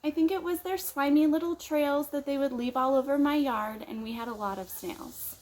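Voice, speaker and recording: A woman leading children's story time at church with expressive storytelling. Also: high-pitched, normal speed, low-quality recording.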